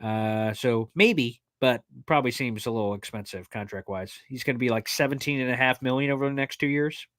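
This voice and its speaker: A man hosting a casual sports livestream, answering fan questions in an excitable, jokey way with plenty of fillers. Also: medium pitch, dry recording, clean studio sound. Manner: excitable, jokey, fast-talking with many fillers. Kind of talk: casual live chat reading fan questions.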